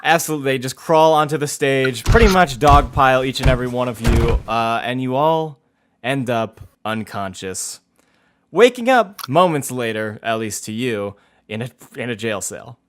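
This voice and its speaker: A man narrating as game master of a tabletop role-playing game, pausing often with fillers. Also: mid-range voice, animated, background noise. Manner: hesitant, lots of fillers.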